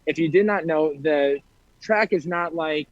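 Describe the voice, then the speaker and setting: A man's voice: fairly high pitch, unhurried, no echo. Playful man on a dull lo-fi line. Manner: playful, jokey asides. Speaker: podcast co-host. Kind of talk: casual chat. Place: in a theme park, remote. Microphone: earbuds. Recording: dull lo-fi sound.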